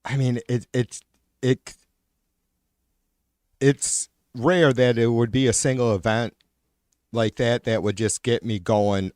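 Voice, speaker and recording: A man's voice: medium pitch, measured pace, darkish tone, no room sound, studio quality. A man hosting a live stream, ranting casually and profanely with sarcastic exasperation, often trailing off and restarting.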